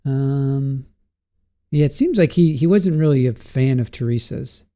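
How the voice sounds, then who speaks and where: On his casual live stream, a trial commentary host works through testimony out loud, restarts his sentences, and takes questions from chat. The voice is medium-pitched and mellow, with an unhurried delivery.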